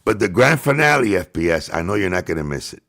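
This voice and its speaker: A man's voice: sits low, sing-song, quick pace, gravelly, fairly bright tone. A man hosting a livestream, ranting and taunting his rivals with profane insults. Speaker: livestream host.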